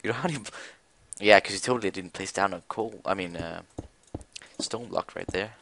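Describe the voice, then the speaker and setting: A man's voice: low voice, fairly quick, fairly bright tone, slight background noise. A young man chatting and joking while playing a video game with a friend. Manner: joking, teasing, laughs often. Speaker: gaming commentator. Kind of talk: casual gameplay chat.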